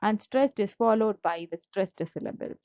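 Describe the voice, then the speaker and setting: A woman with a medium-pitched voice teaches a slide-based literature lesson at normal speed, patiently and methodically repeating key terms and spelling out each syllable. The recording is dull, lo-fi, and dry, with no room sound.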